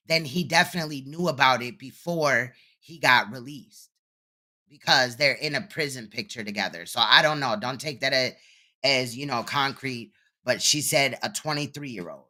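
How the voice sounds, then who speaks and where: Guy hosting a live stream reacting to a clip, really sharp tense voice, matter-of-fact. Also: medium pitch, unhurried. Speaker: host commenting on a clip. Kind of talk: livestream commentary.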